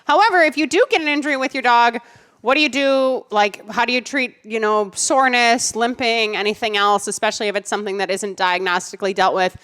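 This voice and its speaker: A woman's voice: a little high, steady tone, brisk, a bit bright, clean tone. A woman co-hosting a casual podcast, bubbly and chatty. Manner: bubbly, chatty, laughs often. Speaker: podcast co-host. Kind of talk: casual chat.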